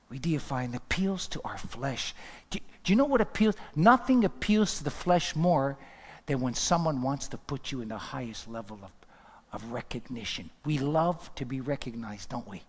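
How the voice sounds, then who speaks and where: A man preaching a fervent sermon as pastor, swinging between loud declarations and hushed asides. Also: mid-range voice, lively intonation, moderate pace, breathy edge. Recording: long hall reverb.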